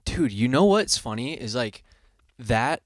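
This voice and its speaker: A man co-hosting a casual podcast, telling tour stories in an animated way and swearing freely. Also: medium pitch, measured pace, no room sound, studio quality. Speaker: podcast co-host, band member. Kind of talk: casual chat.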